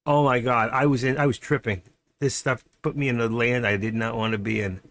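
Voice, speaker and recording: A man's voice: medium pitch, steady tone, a little fast, fairly bright tone, no room sound. A middle-aged man hosting a live stream, chatting casually and rambling to himself as he trades. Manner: rambling, muttering to himself, chuckling storyteller. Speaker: livestream host and day trader. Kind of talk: casual live-stream chat while trading.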